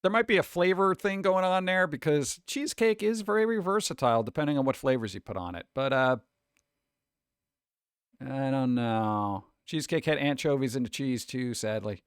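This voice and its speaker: Here a New Yorker with a matching accent hosts a laid-back livestream, answering chat with sarcastic, mock-exasperated reactions. He speaks in an animated mid-range voice at a moderate pace, clear and resonant, in clean studio sound with no room echo.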